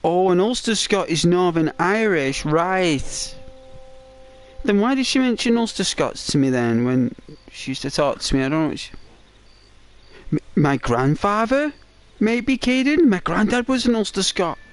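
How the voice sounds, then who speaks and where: A man from England hosts a relaxed game livestream and reads out viewers' comments as he goes. He talks at an unhurried pace in a slightly raised voice, greeting each viewer by name and cheering them on. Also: sits high. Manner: chatty, encouraging, addresses chat by name. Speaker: gaming livestreamer. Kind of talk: casual chat reading viewer comments.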